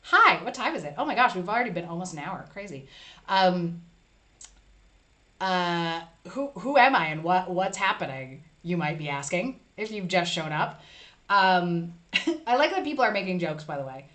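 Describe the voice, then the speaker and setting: A woman's voice: on the low side, big pitch swings, moderate pace, sharp tone. Chatty woman hosting a live stream. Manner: chatty, reads viewer comments aloud. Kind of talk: casual live-stream chat.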